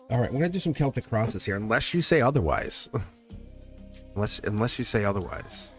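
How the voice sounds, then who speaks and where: A man hosting a live tarot stream, chatting casually and laughing often as he talks straight to his viewers, with soft music behind him. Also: medium pitch, big pitch swings, brisk. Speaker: tarot reader and channel host. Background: quiet background music.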